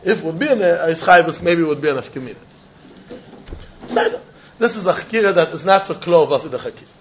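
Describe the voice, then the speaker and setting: A man's voice: a little high, lively intonation, fast talker, a little hiss or hum. A man teaching a Talmud lesson in English peppered with Yiddish and Hebrew terms, acting out both sides of a legal case in quoted voices. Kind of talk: Talmudic lecture. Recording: dull lo-fi recording.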